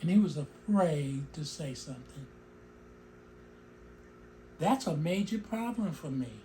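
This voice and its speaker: A man's voice: fairly high pitch, lively intonation, a little slow, dark tone, slight background noise. A middle-aged man hosting his own show, giving an emotional, opinionated commentary that breaks off into asides about his own speech. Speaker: show host.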